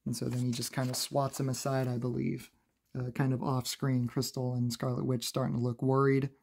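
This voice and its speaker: A man recapping a comic book in a casual, chatty review, laughing often and filling pauses with "uh". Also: medium pitch, monotone, creaky, a little mellow, a little hiss or hum.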